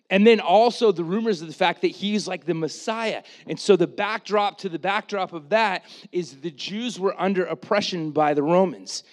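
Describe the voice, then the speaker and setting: A man with a slightly higher voice preaches to his congregation in an easygoing, conversational way. He acts out the people in the story with lively quoted asides, then turns quiet and earnest when he makes his main points. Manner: casual and animated, with dramatic quoted asides. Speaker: pastor. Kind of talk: sermon.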